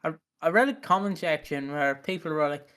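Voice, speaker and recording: A man's voice: a little high, expressive, a little fast, a bit bright. A young man co-hosting a podcast, teasing and joking casually with plenty of swearing. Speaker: podcast co-host.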